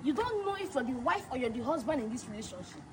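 A woman playing a stern young female prophet, delivering slow, solemn pronouncements. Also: sits high, sing-song, slight background noise, poor audio. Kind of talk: skit drama acting.

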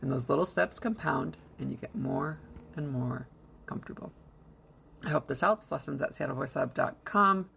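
A woman's voice: rumbling low, normal speed, creaky, fairly bright tone, a little hiss or hum. A woman voice coach giving instructional advice in an encouraging, conversational way, often posing questions to the listener. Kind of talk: instructional talk to camera.

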